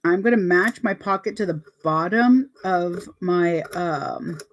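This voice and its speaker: A woman's voice: lowish voice, slow pace, a little hiss or hum. A woman vlogger chatting casually and telling anecdotes while talking through her sewing steps.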